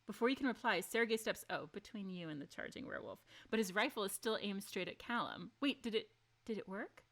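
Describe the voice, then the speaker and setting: A woman streaming a story game, reading its lines aloud and chatting with her viewers, excitable and quick to gasp and swear. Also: mid-range voice. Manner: excitable, gasping, laughing and swearing between read lines.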